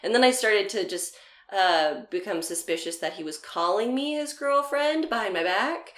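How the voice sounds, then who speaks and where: A woman's voice: mid-range voice, expressive, normal speed, fairly bright tone. Chatty young woman in an echoey room. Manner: chatty, laughs often, acts out quoted dialogue. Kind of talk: casual storytelling chat. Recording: roomy echo.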